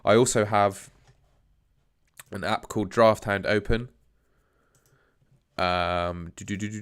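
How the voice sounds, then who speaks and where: A young man talks through a casual live stream, mulling things over aloud as he fiddles with his setup. His voice sits low, and the sound is dry and close to the mic. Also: clear, resonant tone, dry recording. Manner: chatty, thinks aloud while fiddling with screens. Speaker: host.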